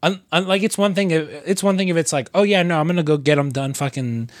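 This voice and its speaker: A man's voice: on the high side, quick pace, dry recording. A man with a cold co-hosting a podcast, rambling in casual chat with lots of restarts and swearing. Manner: rambling, many restarts and fillers, profane. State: sick with a cold. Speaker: podcast co-host.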